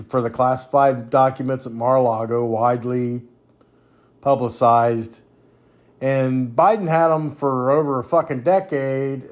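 Blunt, foul-mouthed man ranting. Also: mid-range voice. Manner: blunt, heavy swearing, repeats himself. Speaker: podcast host. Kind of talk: profane political rant.

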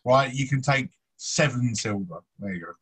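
A man's voice: mid-range voice, animated, moderate pace, a bit bright, husky, rough recording. A man running a tabletop role-playing game, narrating loosely and swearing casually. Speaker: game master.

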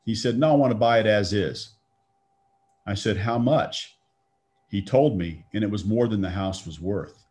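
A man's voice: on the low side, moderate pace, pauses often, darkish tone. A middle-aged man from Texas, telling a personal faith story in a conversational way and acting out the quoted lines. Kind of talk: storytelling talk.

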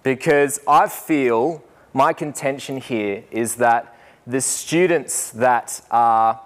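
A young man, a student teacher telling a lively story to a group and laughing as he goes. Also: mid-range voice, slow pace. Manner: animated, laughing, acts out voices in anecdotes. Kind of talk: storytelling talk.

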